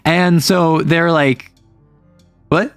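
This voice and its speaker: A man's voice: mid-range voice, expressive, normal speed, dry recording, faint music behind. A man streaming from home, casually retelling his tabletop game session in a rambling way full of fillers and self-corrections.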